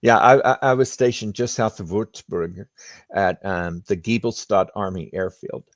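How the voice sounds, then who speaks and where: An older man, a retired flight surgeon, telling stories in an unhurried, plainspoken way as a podcast guest. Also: sits low, dry recording. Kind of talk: conversational interview storytelling.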